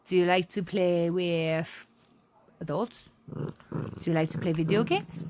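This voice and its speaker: A woman's voice: lowish voice, measured pace, long pauses, a little mellow, slight background noise. A young woman vlogging casually at home, blunt and sarcastic as she rants. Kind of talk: casual chat.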